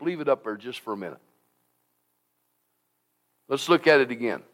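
A pastor preaching a sermon to his congregation in a church, swinging from hushed to loud and repeating phrases for emphasis. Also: a little high, animated, normal speed, long pauses. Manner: impassioned preaching with sudden swings from soft to loud. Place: church sanctuary.

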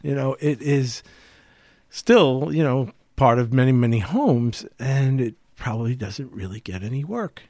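A man's voice: medium pitch, animated, measured pace, a little mellow, no echo, clean studio sound. A man co-hosting a casual podcast, musing aloud with many fillers and rhetorical questions. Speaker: podcast co-host.

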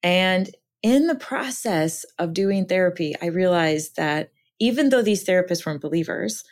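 A woman's voice: on the low side, animated, moderate pace. A woman, an author and counselor from Minnesota, telling her own story as a podcast guest in an earnest, reflective way. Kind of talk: personal testimony in conversation.

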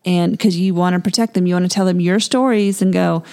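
A middle-aged woman speaks with a gravelly, creaky tone and a steady, flat delivery. She talks in an affirming, thoughtful way about parenting. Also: lowish voice, fairly quick. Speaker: podcast co-host. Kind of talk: casual chat.

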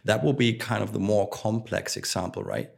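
A man hosts a podcast conversation in a fairly low voice. He prompts his guest with thoughtful questions and short asides. His delivery is conversational and measured. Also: vocal fry. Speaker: podcast host.

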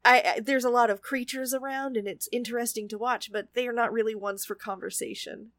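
Young female podcast co-host, lively recaps with acted quotes, higher pitch, dry booth sound. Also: fairly quick, no echo. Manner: animated, acts out quotes, swears casually. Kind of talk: casual book discussion chat.

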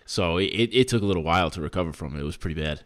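A young adult man, a podcast co-host, telling a story in casual chat and acting out his own shouting. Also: low-pitched, very fast.

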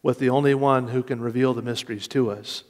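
A man's voice: medium pitch, steady tone. Preaching man in an echoing hall. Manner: slow deliberate preaching with rising emphasis. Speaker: pastor. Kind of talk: sermon. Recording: long reverb of a large hall.

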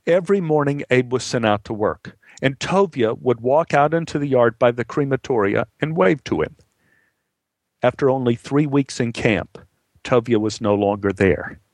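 A man's voice: medium pitch, lively intonation, normal speed, darkish tone, no room sound. A man telling a true story in a conversational, earnest way. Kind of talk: spoken storytelling.

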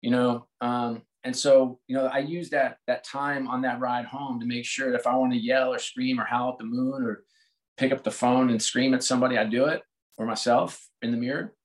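A man with a medium-pitched, flat delivery speaks at normal speed on a low-quality recording. He is a guest in a conversational interview, an American sports executive in his forties, candid and reflective, frequently restarting his sentences.

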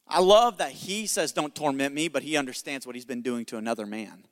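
A man's voice: medium pitch, big pitch swings, brisk, in a large hall. A male pastor preaching a sermon in an emphatic, conversational way with jokes.

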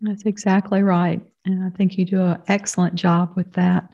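Mellow-voiced woman podcast host. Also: fairly low pitch, little pitch movement, normal speed, gravelly, dull audio. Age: over 50. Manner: encouraging, asks open questions. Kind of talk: interview questions.

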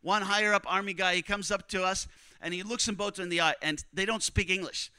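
A man preaching, telling a story in a conversational, animated way and acting out what others said. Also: sits high, a little fast, smooth, dry recording. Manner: animated, conversational, acts out quotes. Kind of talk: sermon storytelling.

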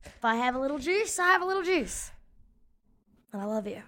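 A woman's voice: high voice, sing-song, brisk, sharp tone, exaggerated voice. A woman playing Munda, a crude brash medic. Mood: mock-tender. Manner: brash, crude, mock-earnest. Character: boastful crude male ship medic Munda.

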